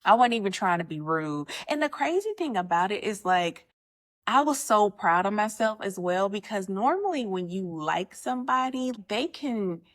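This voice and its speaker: A young woman tells a personal dating story straight to her audience in a loose, slangy way. Her voice sits in a middle range, and it jumps up high whenever she acts out what someone said. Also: moderate pace. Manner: animated, slangy, jumps pitch when quoting people. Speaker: vlogger telling a dating story. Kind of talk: casual storytelling.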